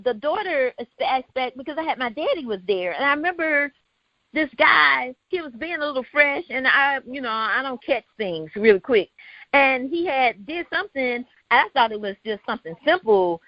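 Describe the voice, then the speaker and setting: Animated storytelling woman, high voice. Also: moderate pace, dry recording. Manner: storytelling, animated, quotes others in dialogue. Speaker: host. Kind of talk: casual discussion. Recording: dull lo-fi sound.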